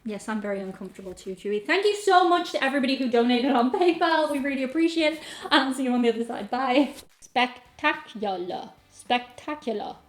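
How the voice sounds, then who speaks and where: A woman, hosting and reading a tutorial aloud with deadpan jokey asides. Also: high-pitched, fast talker, few pauses. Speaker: host. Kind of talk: comic reading of an accent tutorial. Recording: echoey room with faint music.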